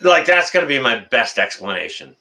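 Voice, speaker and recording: A man's voice: mid-range voice, very animated, a little fast, pushed and bright. A middle-aged man, hosting a casual live stream, reading the chat and answering viewers by name in a folksy, teasing way.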